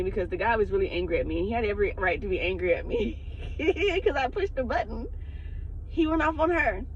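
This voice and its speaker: A woman's voice: on the high side, breathy edge, highs cut off. A woman who works as a spiritual advisor, telling a personal story in a casual vlog, candid and heavy on the cursing. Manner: profane, candid, laughs often.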